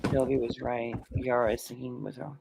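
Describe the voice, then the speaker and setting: A man's voice: mid-range voice, completely flat delivery, normal speed, gravelly, darkish tone, slight background noise. A man with a New York accent, co-hosting a casual recap chat, rambling with fillers and jokey asides. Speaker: podcast co-host.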